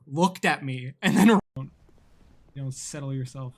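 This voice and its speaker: A man streaming video games live, commenting excitably, swearing often and laughing a lot. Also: medium pitch, a little slow. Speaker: game streamer.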